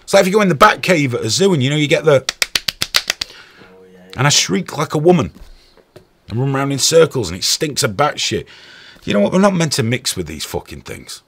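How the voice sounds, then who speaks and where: A man hosting a podcast, telling stories in a profane, animated way. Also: a little high, fairly quick, long pauses, a little hiss or hum. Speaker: podcast host. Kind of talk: casual chat.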